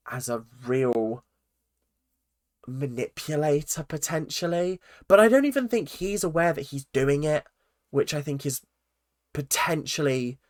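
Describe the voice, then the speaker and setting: A blunt, opinionated vlogger who gives reality TV commentary in an emphatic ranting style. The voice sits at a middling pitch. It is recorded close and dry, with no room sound. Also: no echo. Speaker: reaction vlogger.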